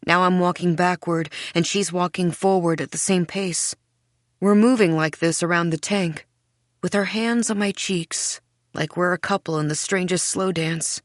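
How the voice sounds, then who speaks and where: A woman reading a first-person mystery audiobook in a measured, hushed way. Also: fairly low pitch, dry recording, clean studio sound. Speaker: audiobook narrator. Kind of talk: scripted first-person narration.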